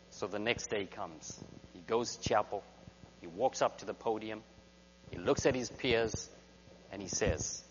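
A man preaching a sermon as a guest speaker, telling stories in an animated way. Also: mid-range voice, a little slow. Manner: animated storyteller. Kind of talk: sermon with storytelling. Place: church sanctuary. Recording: dull recording in reverberant hall with hum.

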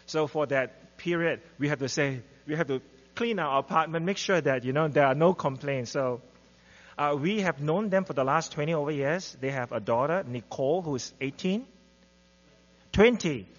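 A man's voice: a little high, moderate pace. A man introducing a guest preacher at a church service, hesitant with many fillers. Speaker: church member introducing the speaker. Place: church sanctuary. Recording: dull recording in reverberant hall with hum.

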